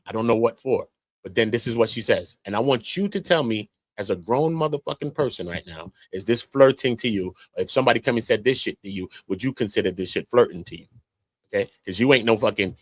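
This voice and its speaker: A man's voice: mid-range voice, fast, no echo. Emphatic, profane man on a dry mic. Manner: emphatic, profane, slangy street talk. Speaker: commentary co-host. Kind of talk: reaction commentary.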